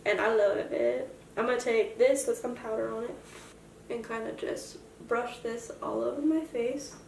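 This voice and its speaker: A woman's voice: fairly high pitch, fairly even intonation, moderate pace, creaky, a little mellow, far from the mic, slight background noise. A young woman in a casual makeup tutorial, chatty and self-joking as she explains each step. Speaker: makeup vlogger. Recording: roomy echo, voice from afar.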